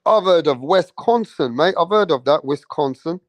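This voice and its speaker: A man's voice: a little high, animated, moderate pace, few pauses, dry recording. A man chatting loosely on a livestream, rambling and swearing as he reads viewer comments. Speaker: livestream host. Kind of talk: casual livestream chat reading viewer comments.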